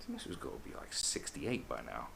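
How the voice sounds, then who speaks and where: A man's voice: rumbling low, huge pitch swings, fairly quick, vocal fry, noisy background. A man hosting a podcast, telling rambling, sweary stories in a casual monologue.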